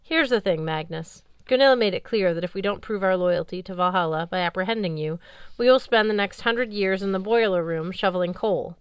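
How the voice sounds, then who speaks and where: A woman's voice: medium pitch, fairly quick, clear, resonant tone, no room sound, natural voice. A woman voicing an easygoing young male warrior with an offhand, wry delivery.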